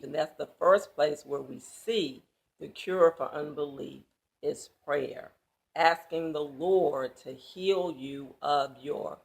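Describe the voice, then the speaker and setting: A woman's voice: deep voice, measured pace, creaky. A woman teaching a Bible passage in sermon style, emphatic and loose, with casual asides.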